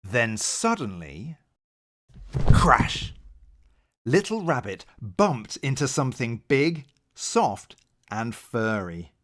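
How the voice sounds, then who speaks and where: Slow, gentle male bedtime storyteller. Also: mid-range voice, sing-song. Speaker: storybook narrator. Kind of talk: bedtime storybook read-aloud.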